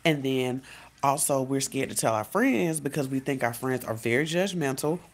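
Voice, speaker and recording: A woman life coach giving casual advice in a vlog, talking directly to her viewers in a relaxed, conversational way. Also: extremely low pitch, moderate pace. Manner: conversational, speaks straight to viewers, acts out quotes.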